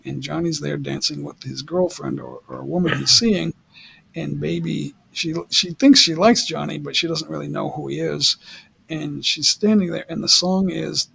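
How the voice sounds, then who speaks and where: Man, livestream host, casual rambling chat, raspy, slightly high voice. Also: a bit bright. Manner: rambling, chatty, reading chat aloud.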